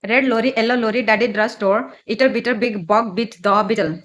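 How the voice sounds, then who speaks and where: A woman's voice: on the high side, fairly quick. A woman hosting a casual vlog, practicing tongue twisters in simple, careful learner's English. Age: adult, mother of a child. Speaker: channel host and mother.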